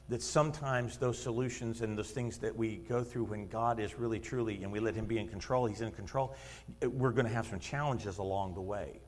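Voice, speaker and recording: A man in his fifties preaching a sermon in a church, telling stories in an animated way, acting out quotes and laughing often. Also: on the low side, a little hiss or hum. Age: 50s. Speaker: lay preacher and schoolteacher. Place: church sanctuary. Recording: long reverb of a church hall.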